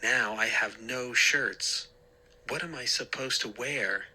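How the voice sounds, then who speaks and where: A man's voice: medium pitch, slow, pushed and bright, husky, heavily acted, poor audio. A man voicing a whiny teenage boy who wails over his ruined shirts. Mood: wailing. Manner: wailing, whiny. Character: whiny upset teenage brother.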